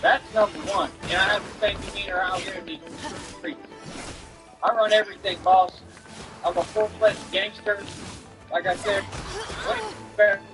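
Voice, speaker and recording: A man's voice: high voice, animated, moderate pace, pauses often, over music, poor audio. A man streaming while he delivers a confrontational, boastful rant at an online critic.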